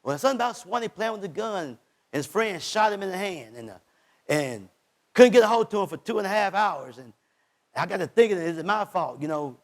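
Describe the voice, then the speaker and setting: A male pastor a sermon, voicing God's words, swinging between shouted lines and hushed ones. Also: high voice, animated, a little fast.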